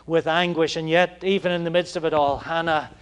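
Brief: male pastor, slightly high voice, chatty sermon delivery that swells into fervent stretches. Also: fairly even intonation, fairly quick, smooth. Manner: conversational, full of fillers, rising to passionate emphasis.

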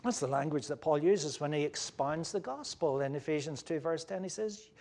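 Man, preacher, fairly high voice, earnest sermon, emphatic then hushed. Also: expressive, moderate pace. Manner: earnest and emphatic, swinging between loud stresses and hushed asides. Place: room with a gathered audience.

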